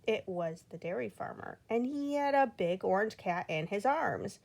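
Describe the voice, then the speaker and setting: A woman reading a children's storybook aloud with expressive storytelling emphasis. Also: mid-range voice, moderate pace, vocal fry. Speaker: storybook reader.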